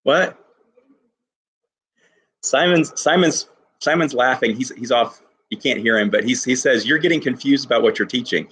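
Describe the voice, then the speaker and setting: A male teacher giving an enthusiastic poetry lesson to his class, reading lines slowly and stressing each syllable. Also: medium pitch, fairly bright tone, slightly rough.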